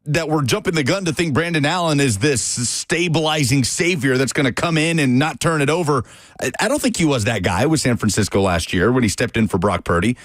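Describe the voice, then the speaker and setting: A sports radio host, a man, talks through football matters in a steady, analytical way. His voice sits at an ordinary pitch, and the studio sound is close and dry. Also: fairly quick, dry recording.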